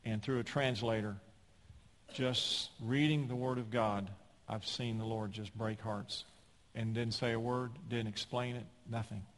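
A man preaching a sermon in a church, emphatic, with folksy humor and loud peaks on key words. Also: medium pitch, steady tone, measured pace. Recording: long hall reverb.

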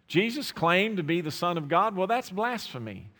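A man's voice: high-pitched, big pitch swings, moderate pace, fairly bright tone, in a large hall. A man preaching a sermon to his congregation, putting rhetorical questions to the listeners. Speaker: pastor. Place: church sanctuary.

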